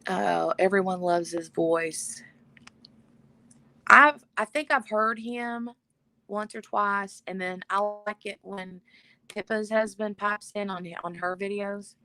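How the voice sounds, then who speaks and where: A woman's voice: medium pitch, slow, bright, forceful tone. A woman hosting a casual live stream from her bedroom, chatting and reading viewer comments aloud. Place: bedroom at home.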